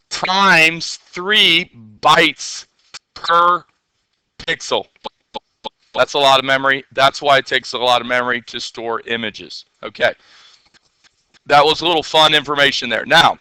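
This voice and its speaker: A man leads a classroom lesson on software, talking casually and checking in with his students again and again. His voice sits a little high and is very bright and clean. The sound is dry and close. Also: clear, resonant tone, dry recording. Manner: chatty, asks the class questions, playful asides. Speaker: teacher.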